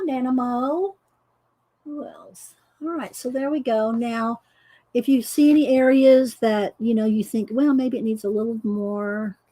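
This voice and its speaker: A woman's voice: fairly high pitch, mellow, breathy edge. A middle-aged woman, hosting a casual coloring livestream, chatty and laughing often as she greets viewers. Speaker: livestream host demonstrating coloring.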